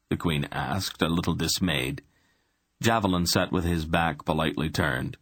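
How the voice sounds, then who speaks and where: Deep husky male audiobook narrator. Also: moderate pace, fairly bright tone, no echo. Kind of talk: scripted narration.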